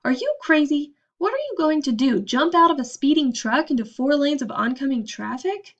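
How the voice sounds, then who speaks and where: Storybook sixth-grade boy, sarcastic and exasperated, read by a woman; high-ish, slightly muffled home take. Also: lively intonation, normal speed. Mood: alarmed. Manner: grumbling, exasperated.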